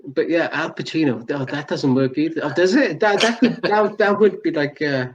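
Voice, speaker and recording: A man's voice: fairly high pitch, lively intonation, moderate pace, highs cut off, a little hiss or hum. A man co-hosting a podcast, chatting casually, rambling and restarting his sentences as he laughs along. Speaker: podcast co-host.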